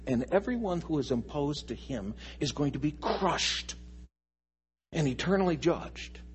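A man preaching a sermon as pastor, repeating key phrases slowly and dropping from loud emphatic lines to hushed, near-whispered ones. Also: medium pitch, a little hiss or hum.

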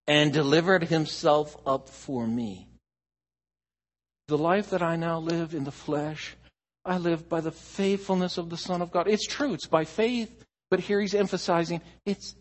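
A man preaching a sermon as pastor, animated, swinging from loud emphasis to near hush. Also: high voice.

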